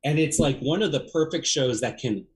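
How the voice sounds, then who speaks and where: A man co-hosting a comedy theater livestream chats casually about ideas for a new show. His voice is on the high side and a little fast, and he sounds relaxed and musing, with loose fillers and laughs.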